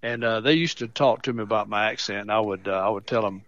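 A man's voice: on the low side, fast, few pauses, a bit bright, no echo. A man with a Middle Tennessee accent, calling in to a radio show as the regular storyteller, rambling and chuckling as he tells his tale. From Mount Pleasant, Tennessee. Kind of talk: folksy storytelling on the phone. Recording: dull phone line.

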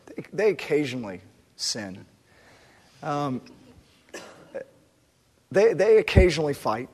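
A man in his thirties, a pastor delivering a sermon, moving from quiet reflection to loud, impassioned preaching. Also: on the high side, sing-song, slow pace. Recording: long reverb of a large hall.

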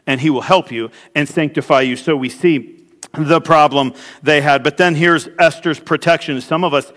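A male pastor delivers a sermon, pausing often and restarting his phrases. His voice sits a little higher than usual for a man. The sound carries a long reverb from the church hall. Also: a bit bright. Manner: preaching with pauses and repeated restarts. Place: church sanctuary.

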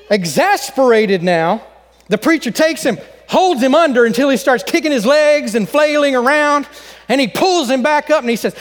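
High-voiced pastor in an echoey hall. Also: male voice, animated, moderate pace. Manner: folksy joke-telling. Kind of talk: sermon.

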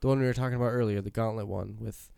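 A man hosting a casual chat while playing a mobile game, rambling, swearing casually and quick to laugh. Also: fairly low pitch, fairly even intonation, gravelly, dark tone, smooth, dry recording, studio quality. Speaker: host.

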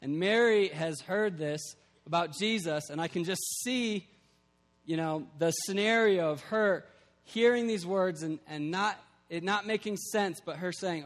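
A man's voice: high-pitched, a little slow. A young man preaching a sermon, earnest and building to emphatic peaks. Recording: long hall reverb.

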